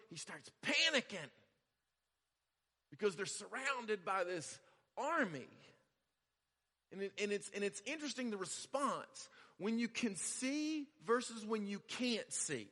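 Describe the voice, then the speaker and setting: A male pastor preaches in a bright, fairly high voice, talking casually and repeating himself before rising to loud emphasis. His voice carries a long reverb from a church hall. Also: sing-song, a little slow, long pauses. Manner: conversational, repeats phrases, builds to loud emphasis. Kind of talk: sermon.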